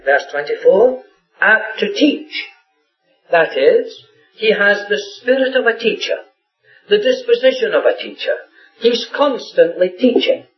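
A man preaching a sermon in an earnest way, often repeating phrases for emphasis. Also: high-pitched. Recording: dull lo-fi recording with faint music.

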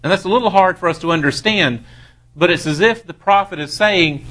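A man teaching a verse-by-verse Bible study, reading scripture aloud and pausing to explain it with careful, deliberate emphasis. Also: sits high, a bit bright.

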